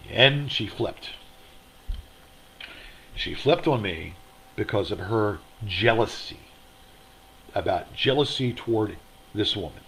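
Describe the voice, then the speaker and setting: Man, lowish voice, show host, angry livestream monologue, rambling, repetitive, aggrieved. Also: expressive, slow, long pauses, fairly bright tone, a little hiss or hum, poor audio. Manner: rambling, aggrieved, repeats himself. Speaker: host of his own online show. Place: motel room.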